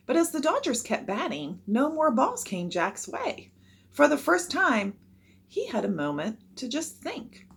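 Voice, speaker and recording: A woman reading a children's chapter book aloud with expressive narration. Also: medium pitch, slightly rough.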